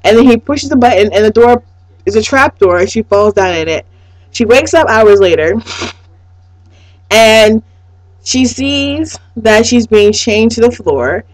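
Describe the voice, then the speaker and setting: Excitable swearing woman recapping a show. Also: medium pitch, no room sound, low-quality recording. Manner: excitable and profane, swinging between hushed and loud. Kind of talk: casual TV episode recap.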